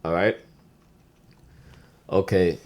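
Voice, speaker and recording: A man with a New York accent hosting a podcast, teaching slang in a loose, profane, animated way and getting loud when he acts out phrases. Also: deep voice, extremely slow. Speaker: podcast host. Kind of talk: casual podcast lesson.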